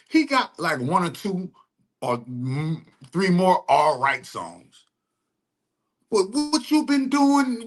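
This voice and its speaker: A man's voice: high voice, fairly bright tone. A young adult man giving heated, rambling commentary full of profane street slang. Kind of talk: ranting commentary.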